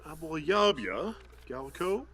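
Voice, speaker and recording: Game cop in nonsense speech, slow and bouncy, high-ish tone. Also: male voice, sing-song, a bit bright, heavily acted. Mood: probing. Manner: babbling nonsense words, sing-song. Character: male Sim police detective speaking gibberish. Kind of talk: video game character voice.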